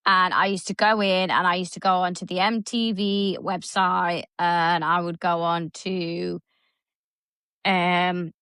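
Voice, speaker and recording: A woman in her thirties with a Stoke-on-Trent accent, co-hosting a casual podcast and telling stories in a chatty, animated way. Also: lowish voice, takes it slowly, clean tone, no echo. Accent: Stoke-on-Trent English. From England. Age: 30s. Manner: chatty, animated storytelling with gasps. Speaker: podcast host. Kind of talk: casual chat.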